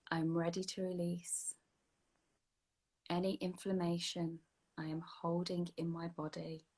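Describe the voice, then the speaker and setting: A woman with a fairly low voice talks listeners through a guided meditation. She keeps a slow, soothing pace and now and then sinks into a hushed whisper. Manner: slow, soothing guiding voice that drops to a soft whisper. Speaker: energy healing practitioner. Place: online video session.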